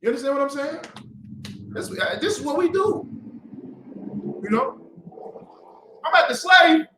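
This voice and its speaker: A man's voice: very high-pitched, expressive, a little slow, sharp tone, a little hiss or hum. A man leading a call-and-response Bible class, quizzing his students with emphatic questions. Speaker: class teacher. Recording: echoey room.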